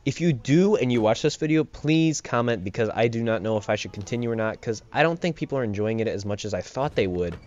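A man's voice: mid-range voice, animated, fast talker, hardly any pauses, a little mellow. A young man hosting a let's play, giving rambling, jokey commentary and laughing often. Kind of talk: casual gameplay commentary. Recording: slightly dull home mic with game music.

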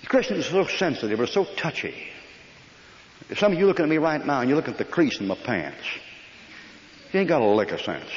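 An older man preaches in a long-echoing church hall, telling rough army stories in a blunt, folksy, scolding way. The recording sounds dull and dated, with faint hiss beneath the voice. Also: a little high, big pitch swings, brisk, long pauses. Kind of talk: sermon.

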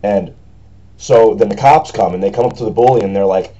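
A hoarse young man from the United States with a raspy voice, talking earnestly and with frustration in a rambling home video message, full of fillers. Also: on the low side, fairly quick, warm tone, muffled recording. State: hoarse after a party. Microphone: camera microphone.

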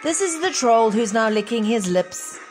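A woman reading a children's picture book aloud, with measured, expressive storytelling. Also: on the high side. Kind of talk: children's read-aloud narration. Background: music.

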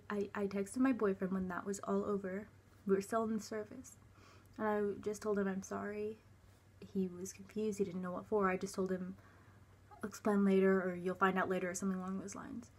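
A young woman telling a personal story to camera in a halting way. She restarts often, uses many filler words and sometimes drops to a near whisper. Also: medium pitch, fairly bright tone. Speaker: vlogger.

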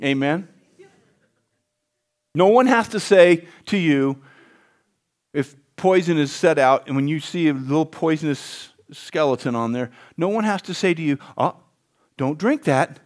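A man's voice: a little high, lively intonation, measured pace, long pauses. A male pastor preaching a sermon in a folksy way, often calling out to the congregation for a response.

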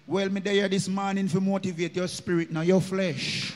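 High-voiced Jamaican preacher in a hall. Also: male voice, flat delivery, moderate pace, darkish tone. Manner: preaching in patois, chanting and rising into sung phrases. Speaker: minister. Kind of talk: sermon. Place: church.

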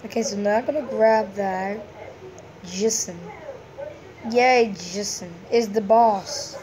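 A woman giving casual, excitable gameplay commentary, full of playful hums and sing-song noises. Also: medium pitch, slow pace, a crowd in the background. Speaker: gameplay streamer.

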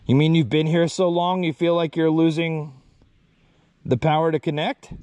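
A man hosting a paranormal vlog, talking in a hushed, halting, emotional way at a cemetery. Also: fairly high pitch, level tone, no echo. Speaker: paranormal vlogger host. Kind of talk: casual ghost-hunting vlog commentary. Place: outdoors and in a car at a cemetery.

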